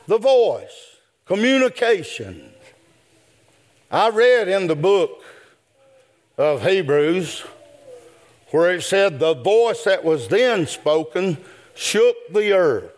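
An older man, preaching a sermon in a rhythmic style that builds to shouts. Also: high-pitched, sing-song, slow pace, pauses often.

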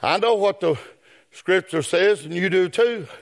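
A man preaching a sermon, swinging from shouted chanted phrases down to low spoken asides. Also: a little slow.

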